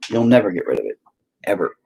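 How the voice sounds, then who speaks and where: A man's voice: low voice, big pitch swings, quick pace, gravelly, a little mellow, a little hiss or hum, rough recording. A man giving a casual, rambling monologue, emphatic and heavily profane.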